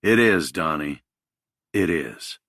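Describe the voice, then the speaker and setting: A man voicing a tense, guarded grown man on the run, speaking quietly. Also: very deep voice, expressive, slow, vocal fry, no room sound, clean studio sound, full character voice.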